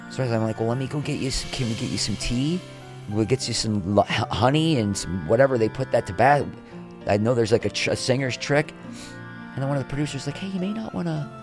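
A middle-aged man, an interview guest, telling candid, rambling, self-deprecating stories and acting out the people he quotes. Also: low-pitched. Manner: rambling, self-deprecating, animated when quoting others.

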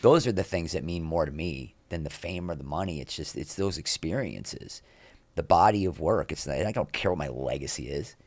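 A man's voice: rumbling low, normal speed, no echo. A middle-aged man, an interview guest, telling candid, rambling, self-deprecating stories and acting out the people he quotes. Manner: rambling, self-deprecating, animated when quoting others.

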